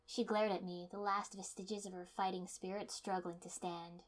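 A woman reading a first-person fiction story aloud in steady storytelling, dipping to soft menace. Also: mid-range voice, moderate pace. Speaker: narrator.

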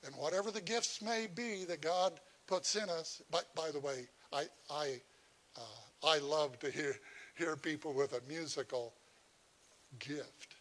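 A man's voice: a little high, unhurried, a bit bright. A man preaching a sermon as pastor, often repeating and restarting words, then driving points home with rising emphasis.

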